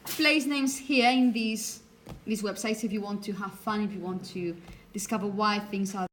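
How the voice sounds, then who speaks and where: A woman's voice: mid-range voice, steady tone, normal speed, a little hiss or hum. A woman whose first language is Spanish, teaching a phonetics lecture to a class and checking in with "okay?" as she explains.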